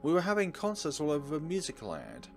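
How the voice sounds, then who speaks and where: A man voicing a lost, gentle female songbird folk musician, speaking in a halting, apologetic way. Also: on the high side, huge pitch swings, over music, voice pushed up. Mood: wistful.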